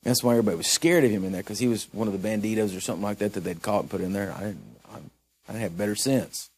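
A man preaching a sermon in a church, telling a jail story in a folksy, halting way and building to emphatic exhortation. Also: on the low side, a little mellow, breathy edge. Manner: folksy, halting delivery with repeated restarts. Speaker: pastor.

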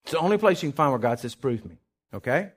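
A middle-aged pastor preaching a sermon, telling a personal story with acted-out quotes and sudden shouts. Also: male voice, medium pitch, very animated, fast.

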